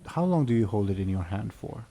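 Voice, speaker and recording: A man narrating a tabletop game as its game master, taking his time over each line. His voice is low, dark and gravelly with plenty of fry. He often breaks into soft chuckles and mutters asides to himself. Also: animated, brisk. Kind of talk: running a tabletop game online.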